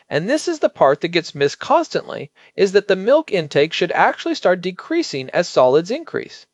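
Man, expert podcast co-host, measured and emphatic, high animated voice. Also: no room sound. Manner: measured, explanatory, emphatic on key points. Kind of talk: explanatory podcast chat.

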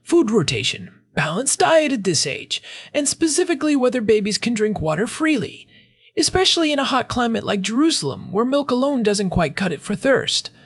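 Co-host with wry humor, husky and animated. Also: medium pitch, normal speed, no echo. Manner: wry, joking asides. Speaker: podcast co-host. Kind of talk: casual podcast chat.

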